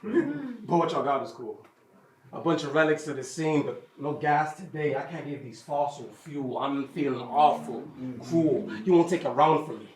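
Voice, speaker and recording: A man's voice: a little high, lively intonation, normal speed. A young man from Ireland with an American-sounding accent, delivering a taunting, boastful live rap battle verse in front of a crowd. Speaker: battle rapper. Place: live venue hall with audience. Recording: echoey hall, distant mic, loud crowd.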